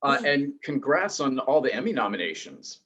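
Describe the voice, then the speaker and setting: A man's voice: medium pitch, very animated, normal speed, fairly bright tone. A man interviewing an actor, giving brief, friendly remarks and questions.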